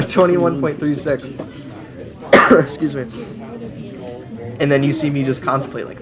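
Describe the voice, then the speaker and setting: A man's voice: fairly high pitch, fairly even intonation, unhurried, long pauses, crowd noise. Chatty self-deprecating young man. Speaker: vlogger. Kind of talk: casual voice-over commentary.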